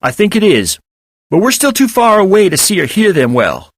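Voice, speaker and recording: A man's voice: sits high, huge pitch swings, normal speed, no echo, studio quality, pitched above the performer's own voice, heavily acted. A man voicing a humble, kindly young male chipmunk in an audiobook, speaking earnestly and reassuringly. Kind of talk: audiobook character voice.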